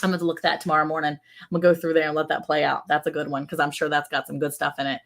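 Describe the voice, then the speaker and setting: A woman hosting a casual livestream from a ranch home, chatty and excited and laughing often. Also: low voice, rapid-fire. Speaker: livestream host.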